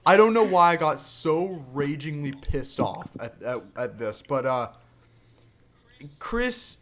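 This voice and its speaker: A teenage man telling stories in a casual podcast chat, animated and laughing, swearing freely. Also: fairly high pitch, slow pace. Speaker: podcast co-host.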